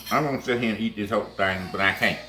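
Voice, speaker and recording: The host of a home baking channel exclaims over his cake in casual chat, calling his viewers baby and sweetheart. His low voice comes rapid-fire, bright and forceful, in an echoey room with faint music behind him.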